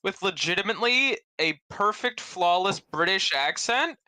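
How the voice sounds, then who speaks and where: Animated woman anecdote-teller, bright sharp voice, dry close sound. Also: mid-range voice, normal speed, no room sound. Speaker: player. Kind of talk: casual storytelling chat.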